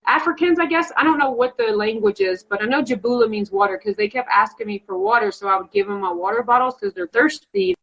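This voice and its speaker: Fast and expressive with few pauses, this woman's voice is on the high side and fairly bright. She's a hunting contest finalist from Colorado, United States, telling a story in a casual interview, emotional, chatty, and full of "like," captured in dull lo-fi sound.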